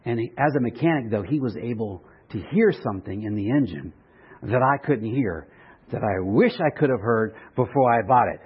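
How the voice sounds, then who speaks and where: A man preaching a sermon in a relaxed, conversational way, with restarts and light humor. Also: medium pitch, moderate pace, slightly rough, highs cut off. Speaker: pastor.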